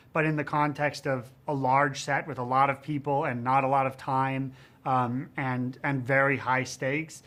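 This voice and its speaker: A man in his thirties, a film director giving a promotional interview, rambling with many fillers and growing animated as he tells stories from the set. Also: mid-range voice. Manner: rambling, frequent "you know what I mean" and "um"; gets animated and louder telling set stories.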